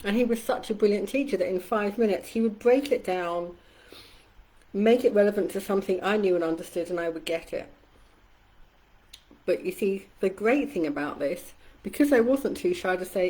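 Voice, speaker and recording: Candid, mellow-voiced woman coach. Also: moderate pace, rough recording. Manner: candid and conversational, swears casually; acts out quoted voices with shifts in pitch and loudness. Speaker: community coach. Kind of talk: casual live-stream talk.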